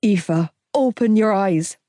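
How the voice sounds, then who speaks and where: A woman voicing a calm young man who speaks in a low, steady, soothing way, in an audiobook. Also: takes it slowly, dry recording, studio quality, close to an everyday voice.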